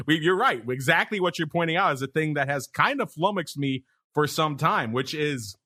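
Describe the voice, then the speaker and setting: A man's voice: fairly high pitch, animated, moderate pace, pushed and bright. A man hosting a podcast, chatting casually about markets and laughing often in playful banter. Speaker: podcast host.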